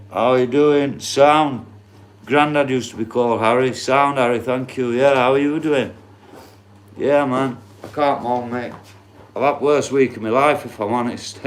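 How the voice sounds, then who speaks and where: A man in his late forties with a Yorkshire accent, chatting casually to his live-stream viewers, swearing freely and talking straight to the chat. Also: medium pitch. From Yorkshire, England. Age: 40s. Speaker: livestreamer.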